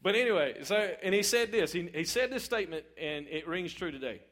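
A man's voice: high-pitched, expressive, fairly quick, fairly bright tone. A middle-aged man, preaching an informal, conversational sermon in church and checking in with his listeners. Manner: conversational, repeats words, asks the audience questions.

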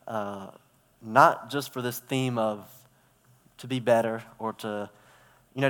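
A man giving a conversational sermon in a church, telling stories and acting out parts as he goes. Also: mid-range voice. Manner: conversational, storytelling with props and gestures. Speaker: preacher. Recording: reverberant hall.

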